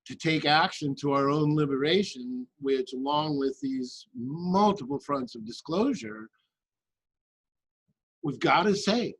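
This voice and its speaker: A man talking earnestly and with passion in a group discussion, with halting restarts. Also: fairly high pitch, fairly bright tone, slightly rough, no echo, poor audio. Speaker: guest in a remote viewing discussion.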